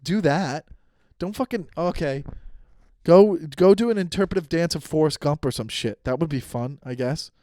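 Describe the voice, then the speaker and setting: A man in his thirties tells a long personal story on his podcast. He swears freely and acts out his own quotes with energy. His voice sits a little high and comes across dry and close. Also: normal speed, mellow, no room sound. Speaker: podcast host. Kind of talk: casual storytelling monologue.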